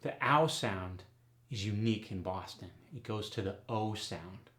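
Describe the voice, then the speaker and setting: Low-voiced man teaching an accent. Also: fairly bright tone, echoey room. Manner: clear, deliberate, announces each topic. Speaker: dialect coach and host. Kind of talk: accent tutorial.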